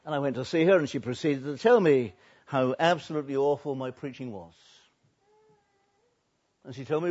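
An older man, a pastor, preaching a sermon, swinging between soft and loud and drawing out words for emphasis. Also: mid-range voice, normal speed. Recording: dull lo-fi recording.

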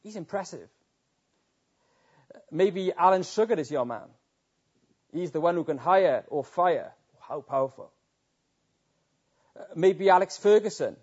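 A man's voice: sits high, expressive, measured pace, pauses often, a little mellow, slightly rough. A man preaching an evening sermon, earnest and rhetorical, often restarting his words. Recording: dull lo-fi recording.

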